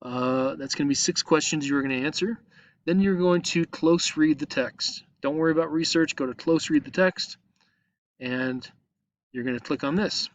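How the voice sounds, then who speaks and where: A man's voice: on the high side, moderate pace, no echo. A male teacher patiently walks his students through an online lesson, checking in with frequent "okay?" as he explains each step. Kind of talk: recorded online lesson walkthrough. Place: at a computer, screen recording.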